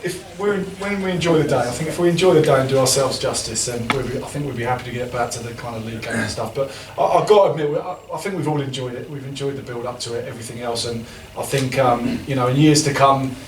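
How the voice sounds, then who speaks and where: Man, club staff, fast but halting answer; distant echoey room. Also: medium pitch. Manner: hesitant, restarts thoughts. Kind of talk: press conference answer. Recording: echoey room, distant mic, faint noise.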